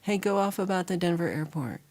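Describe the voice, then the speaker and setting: A woman hosting a livestream chats casually with her viewers, teasing them playfully and drawing out her words. Her lowish voice is expressive and a little mellow, with music playing behind her.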